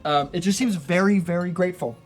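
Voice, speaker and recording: A man's voice: high-pitched, fast, slightly rough, soft background music. A man narrating a tabletop game as dungeon master, casual and rambling with many fillers.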